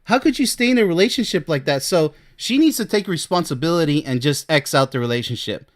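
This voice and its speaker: A man's voice: fairly high pitch, expressive, a little fast. A man working as a relationship coach, giving emphatic advice on a reader's letter, firing rhetorical questions and laughing in disbelief.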